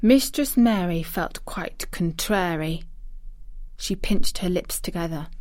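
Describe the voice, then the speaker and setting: A woman's voice: lowish voice, slow pace, darkish tone, dry recording. A woman narrating a classic children's novel aloud, reading carefully for language learners. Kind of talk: slow storybook reading for learners.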